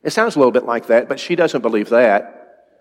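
A man's voice: medium pitch, animated, fairly quick. Male preacher, conversational sermon, questions to the congregation, church sanctuary, long reverb. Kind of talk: evening sermon. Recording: long reverb in a large hall.

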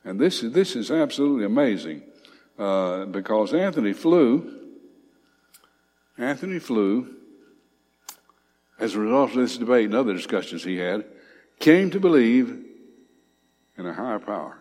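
A man preaching a sermon, reading scripture aloud with swelling emphasis and pausing on frequent fillers. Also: mid-range voice, very animated, a little mellow. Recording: long hall reverb.

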